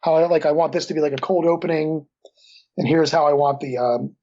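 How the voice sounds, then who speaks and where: A man with a fairly high voice answers interview questions casually, stopping and restarting often with lots of fillers. His audio comes through dull and lo-fi. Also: steady tone, mellow. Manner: halting, many restarts and fillers. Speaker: guest comic creator.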